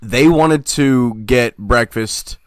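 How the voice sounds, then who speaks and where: A man's voice: medium pitch, takes it slowly, clean tone, dry recording, clean studio sound. A young man co-hosting a podcast, telling a story with lots of swearing and acted-out quotes in casual chat. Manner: animated storyteller, swears a lot, acts out quotes. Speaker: podcast co-host.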